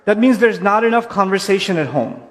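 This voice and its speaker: Man, high voice, talking to families in an echoing hall; conversational, animated. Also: brisk. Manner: conversational, animated, acts out kids and parents. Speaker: speaker addressing parents. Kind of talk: religious talk to families. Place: hall before an audience.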